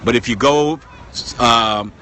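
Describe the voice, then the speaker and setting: A man's voice: medium pitch, slow pace, bright, forceful tone, a little hiss or hum. An American man casually chatting on a phone live stream from outdoor ruins, greeting viewers and laughing often. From United States. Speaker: journalist livestreaming. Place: outdoors at palace ruins with people around. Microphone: phone on a tripod.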